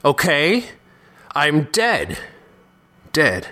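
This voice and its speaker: A man's voice: huge pitch swings, extremely slow, sharp tone, heavily acted. A man doing a panicked young man sure he's dead. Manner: rising panic, then low mumbling.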